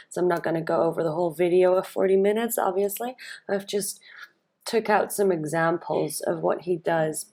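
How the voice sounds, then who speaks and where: A woman's voice: on the low side, darkish tone. A woman coach analysing a speech in a video, chatting and thinking aloud with fillers and restarts, and stressing key words. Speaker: speaking and storytelling coach.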